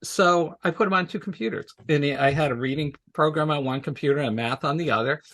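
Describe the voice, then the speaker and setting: A man's voice: a little high, quick pace, fairly bright tone. A man telling stories from his work in a casual interview, chatty and laughing often. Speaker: special education technology guest.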